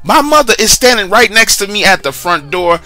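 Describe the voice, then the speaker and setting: A man's voice: high voice, big pitch swings, fairly quick, bright, forceful tone, faint music behind. A man casually telling a personal story, chatty and slangy, with asides to the listener. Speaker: storyteller sharing a true story.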